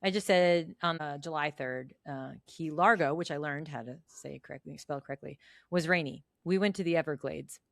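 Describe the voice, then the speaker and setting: Low-voiced woman telling a funny story. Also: normal speed, gravelly, no room sound, clean studio sound. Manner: laughing, chatty storytelling. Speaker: podcast co-host. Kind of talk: casual chat, reading old diary entries.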